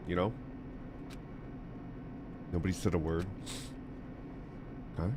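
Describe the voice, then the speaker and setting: A man's voice: medium pitch, sing-song, unhurried, background noise. A man streaming a game, joking, laughing, and reading dialogue aloud with game music in the background. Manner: goofy, laughing, jumps between silly voices and reading.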